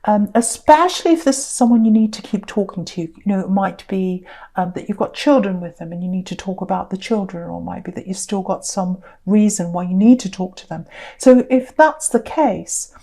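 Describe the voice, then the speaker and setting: Mellow-voiced chatty woman tarot reader. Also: medium pitch, fairly quick. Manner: chatty, rambling, many ums and restarts; gentle, reassuring advice. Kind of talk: casual spoken tarot reading.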